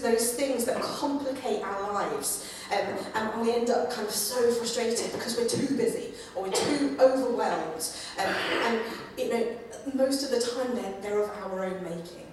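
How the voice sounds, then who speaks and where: A woman giving a conversational sermon, with many fillers and lively acted-out quotes. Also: mid-range voice, recorded from a distance, slight background noise. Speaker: preacher. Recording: echoey room, voice from afar.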